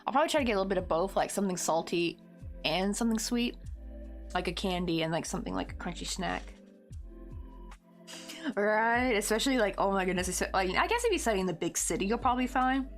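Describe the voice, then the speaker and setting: A woman's voice: medium pitch, lively intonation, fast, soft background music. A woman chatting casually with viewers while crocheting, rambling along with lots of "like" and frequent laughter. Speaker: crochet livestreamer.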